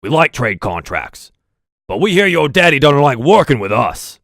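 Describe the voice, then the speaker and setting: A man voicing a dim, loyal male dwarf door guard who talks loudly and simply. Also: medium pitch, big pitch swings, moderate pace, no echo, studio quality, voice pushed up. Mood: blunt. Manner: loud and simple-minded.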